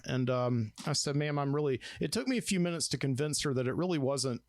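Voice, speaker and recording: A man's voice: mid-range voice, lively intonation, a little fast, few pauses, dry recording. A middle-aged man, hosting a late-night solo show and telling a rambling, wry story in a studio. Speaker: podcast host.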